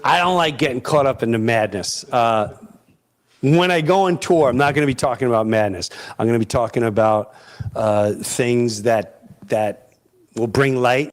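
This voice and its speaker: A middle-aged man, from Long Island, giving an impassioned monologue that builds to loud, sarcastic rhetorical peaks. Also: mid-range voice, moderate pace. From Long Island, New York. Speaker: podcast speaker.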